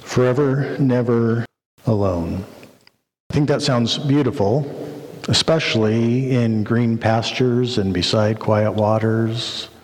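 A man preaching a sermon, slow and reflective, with many pauses. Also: medium pitch, fairly even intonation. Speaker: pastor. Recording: long reverb of a hall.

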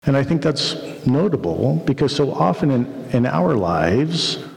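A man preaching a sermon, slow and reflective, with many pauses. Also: mid-range voice, very animated, creaky. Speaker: pastor. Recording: long reverb of a hall.

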